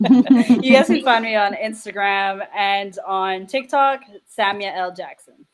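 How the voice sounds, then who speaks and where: A woman's voice: medium pitch, takes it slowly, rough recording. A woman with comedy training, chatting casually on a video call panel and laughing often.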